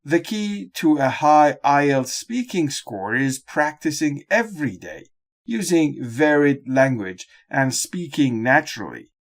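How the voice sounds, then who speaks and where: A man narrating a scripted lesson on exam speaking skills in a measured, instructional way. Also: a little high, animated. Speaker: exam-prep teacher.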